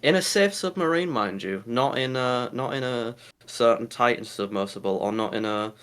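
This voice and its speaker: A man's voice: mid-range voice, normal speed, a bit bright, smooth. Nasal-voiced male guest. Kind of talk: casual chat.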